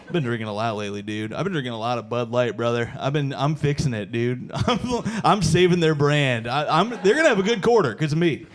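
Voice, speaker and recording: A man in his thirties doing a stand-up comedy set on a stage mic, loose and chatty, calling the crowd "dude" and breaking into loud shouted impressions. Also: mid-range voice, lively intonation, fast, few pauses. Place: comedy show before a live audience.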